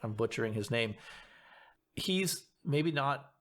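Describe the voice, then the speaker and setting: A man chatting on a podcast as the guest, and his voice sits at an ordinary middle pitch. He thinks aloud, stops partway through phrases and starts them again before he finds his point. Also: animated, fairly bright tone. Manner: thoughtful, halting, frequent restarts. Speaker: guest actor. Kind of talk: casual podcast chat.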